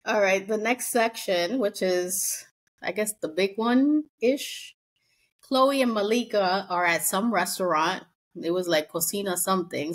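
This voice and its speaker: A woman co-hosting a casual podcast, recapping a reality show and acting out quotes in lively voices. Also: mid-range voice. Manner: chatty, acts out quotes in animated voices. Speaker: podcast co-host.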